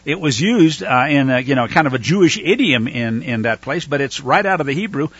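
Male Bible teacher, animated and husky; unpacks Hebrew terms, thinks aloud; dull lo-fi recording. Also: medium pitch, brisk, no room sound. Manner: explains Hebrew words, thinks aloud with fillers.

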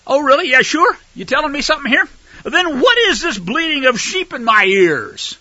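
A man's voice: sits high, big pitch swings, a little slow, bright, forceful tone, breathy edge, no room sound, exaggerated voice. Man playing an angry sarcastic old prophet. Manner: sarcastic, scolding, modern slang. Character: stern, exasperated old prophet scolding a king. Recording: dull lo-fi recording.

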